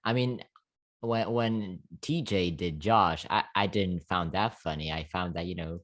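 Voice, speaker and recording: Deep-voiced man hosting a chat. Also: measured pace, a bit bright. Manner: laughs often, encouraging. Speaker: podcast host. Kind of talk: casual interview chat.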